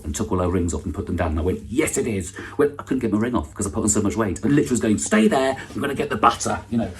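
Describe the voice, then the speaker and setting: Deep-voiced dry British comedian host. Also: male voice, darkish tone. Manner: dry, self-deprecating, chatty with false starts. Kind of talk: stand-up comedy monologue.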